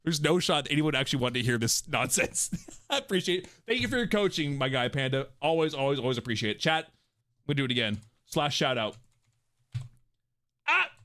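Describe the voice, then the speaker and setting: A young adult man streaming live, chatting to his viewers in an animated, jokey and self-mocking way, laughing often between script reads. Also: fairly high pitch, a little fast. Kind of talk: casual live-stream chat while reading voice scripts.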